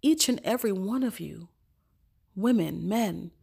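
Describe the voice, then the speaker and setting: A woman with a stuffed-up cold, hosting a podcast, speaking an earnest evening prayer and then chatting casually, repeating phrases and sometimes dropping to soft whispers. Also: mid-range voice, expressive, measured pace, vocal fry, husky. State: congested from a cold. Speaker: podcast host.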